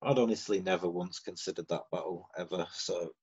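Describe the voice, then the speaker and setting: A man's voice: deep voice, a little fast, a little mellow, slightly rough, no echo, dull audio. A man, a battle rapper from the UK, chatting casually as a guest and telling stories with plenty of swearing. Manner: sweary, laid-back, storytelling. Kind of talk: casual interview chat.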